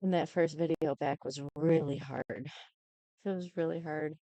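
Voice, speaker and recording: A woman talking to camera in a casual update, halting and subdued with many ums, close to tears. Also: deep voice, fairly even intonation, warm tone, dry recording, low-quality recording. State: tearful, close to crying. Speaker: YouTuber giving an update.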